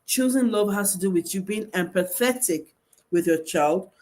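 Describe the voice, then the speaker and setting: Woman, parenting coach, emphatic, repeats her points, rhetorical questions, mid-pitched voice. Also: normal speed, a little mellow. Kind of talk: teaching talk on parenting.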